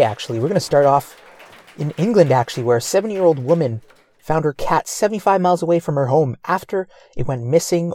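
A man's voice: medium pitch, darkish tone, slight background noise. A man hosting a comedy show, delivering a loose comic news monologue with chuckles and crude asides.

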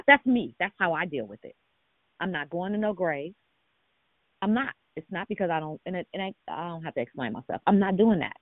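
A woman's voice: on the low side, dry recording. Earnest woman preaching over a phone line. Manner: earnest, direct, with frequent restarts and rhetorical questions. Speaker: minister leading a prayer call. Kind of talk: conversational sermon on a call. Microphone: phone or conference call.

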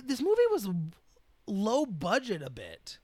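This podcast co-host has a high-pitched voice and an unhurried delivery, recorded at studio quality with no echo. In a casual movie chat, he animatedly retells scenes, acting out lines and swearing freely.

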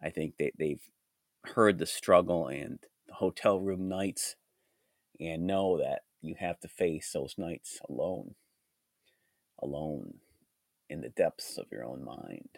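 A man hosting a solo podcast with a groggy, hoarse voice from a cold, talking in a rambling, reflective way. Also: extremely low pitch, expressive, slow, no room sound, clean studio sound. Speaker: podcast host. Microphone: studio mic.

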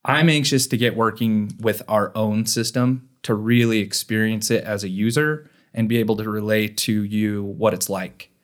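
A man's voice: on the low side, steady tone, normal speed, hardly any pauses. A man co-hosting a podcast in casual chat, joking and explaining with many fillers. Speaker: podcast co-host.

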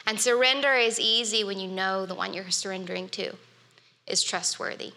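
In a church hall with a long, echoing reverb, a woman delivers an earnest, conversational sermon sprinkled with casual fillers. Her medium-pitched voice is bright and forceful, and she speaks at a normal speed.

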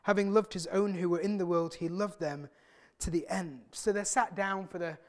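A man, a pastor preaching a sermon in an earnest way, who slows and softens his voice for emphasis. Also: high voice, steady tone. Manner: acts out quoted voices with sudden loud bursts.

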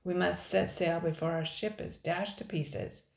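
A woman voicing a gruff, one-eyed male pirate captain who barks threatening orders. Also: fairly low pitch, fairly even intonation, measured pace, darkish tone. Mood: urgent. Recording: roomy echo.

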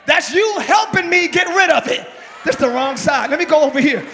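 Black preacher guy, gravelly high voice, yelling to the congregation, live church reverb. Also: lively intonation, moderate pace. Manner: preaching in bursts, calling on the congregation to answer. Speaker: pastor. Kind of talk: sermon. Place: large church hall before a congregation. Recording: live church hall with long reverb, crowd noise.

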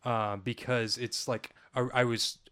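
A man's voice: medium pitch, level tone, a little slow, bright, forceful tone, smooth, no room sound. A young man co-hosting a podcast, chatting casually and telling a rambling story with frequent restarts. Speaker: podcast co-host. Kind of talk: casual sports chat and storytelling.

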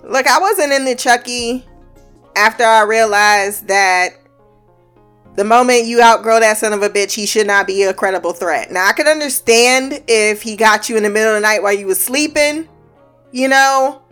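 A woman's voice: fairly high pitch, moderate pace, a bit bright, faint music behind. A woman giving a casual recap of a TV episode, blunt and profane with a joking edge.

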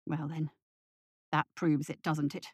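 A woman's voice: sits low, level tone, slow pace, darkish tone, husky, no room sound, clean studio sound, voice pushed down, exaggerated voice. A woman reading the part of a man who earnestly insists to his family that he is sober. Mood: gentle. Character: man, a remorseful father pleading his sobriety.

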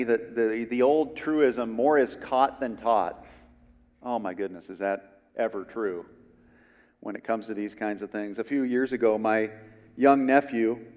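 A man's voice: medium pitch, darkish tone, long reverb tail. A man who is a pastor, preaching a sermon in an earnest, conversational way with frequent restarts.

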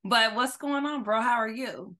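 A woman hosting a casual podcast interview, excited and chatty, often restarting her words. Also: a little high, moderate pace. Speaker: podcast host.

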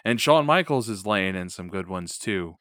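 A man co-hosting a podcast, chatting casually and excitedly about a wrestling match, with lots of fillers and restarts. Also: sits low, normal speed, no echo, studio quality. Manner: animated, rambling with many fillers. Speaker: podcast co-host.

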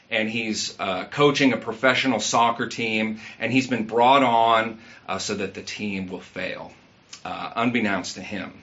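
A man's voice: mid-range voice, sharp tone, dull audio. A man preaching a sermon in a conversational way, asking the congregation questions and using everyday fillers. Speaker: pastor.

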